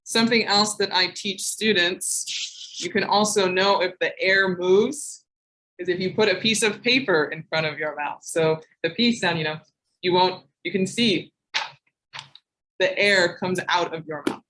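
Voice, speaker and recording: A woman teaching English pronunciation in a live online class, saying each word slowly and twice. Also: fairly low pitch, fairly bright tone, poor audio. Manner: slow, deliberate, repeats each word twice.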